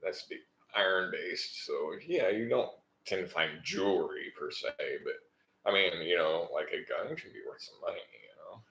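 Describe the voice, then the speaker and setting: A man co-hosting a relaxed chat, explaining things easily with lots of fillers. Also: sits low, moderate pace, roomy sound, low-quality recording. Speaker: co-host. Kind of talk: casual chat.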